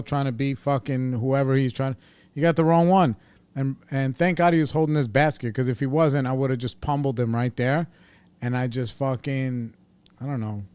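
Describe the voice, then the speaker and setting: A man's voice: medium pitch, a little mellow, clear, resonant tone, no room sound. A man hosting a podcast, telling a story in a blunt, profane, streetwise way. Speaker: podcast host. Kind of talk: casual storytelling monologue.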